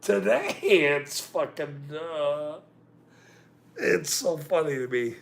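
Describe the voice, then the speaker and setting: A livestream host with a fairly high, creaky, expressive voice speaks slowly against a little hiss or hum. He rants casually and laughs, cursing often and repeating himself insistently as he responds to chat.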